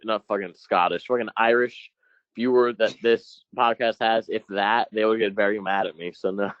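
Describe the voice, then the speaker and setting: Hesitant, low-voiced podcast co-host. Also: male voice, fairly even intonation, normal speed, no echo, muffled recording. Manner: hesitant, lots of 'like' and 'you know', swears. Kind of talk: casual podcast chat.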